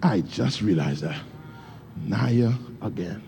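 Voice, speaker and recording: A man's voice: fairly low pitch, expressive, takes it slowly, creaky, dark tone, slight background noise. A man preaching a sermon, with fervent delivery and loose, casual grammar. He tells stories, calls out to his congregation and breaks into speaking in tongues. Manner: storytelling with call-outs to the congregation. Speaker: pastor.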